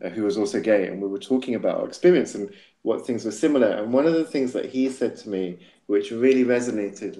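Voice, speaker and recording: A man's voice: fairly low pitch, fairly quick, dark tone. A man hosting a podcast, telling a story in casual chat with a rambling manner. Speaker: podcast host. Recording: echoey room.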